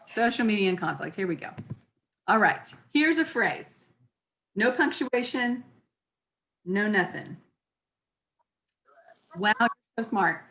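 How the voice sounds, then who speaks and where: A woman's voice: medium pitch, big pitch swings, measured pace, long pauses, fairly bright tone. Chatty woman leading a small class. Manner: chatty, acts out sample phrases in different tones. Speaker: class leader. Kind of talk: casual classroom teaching. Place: class session with participants.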